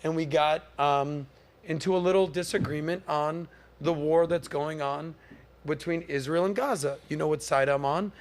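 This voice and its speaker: A man in his forties holds the floor on a podcast, telling his story with a somewhat high pitch. He talks in lively bursts. He acts out what others said in exaggerated voices. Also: normal speed. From Miami area. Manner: animated, acts out quotes in mock voices. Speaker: podcast host. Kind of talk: casual storytelling monologue.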